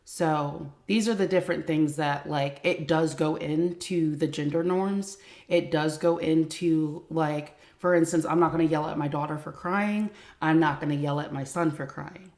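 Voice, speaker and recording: A woman's voice: low-pitched, steady tone, moderate pace, a little mellow, roomy sound. A woman hosting a live stream from home, talking frankly in a casual, chatty way and swearing freely.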